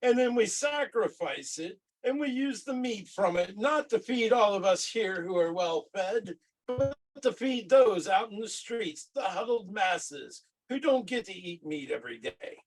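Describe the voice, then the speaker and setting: A man's voice: high voice, animated, a little slow, pitched above the performer's own voice, exaggerated voice, poor audio. A man playing a formal warrior priest. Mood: preachy. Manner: formal, preachy speech. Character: devout male warrior cleric, formal and grand.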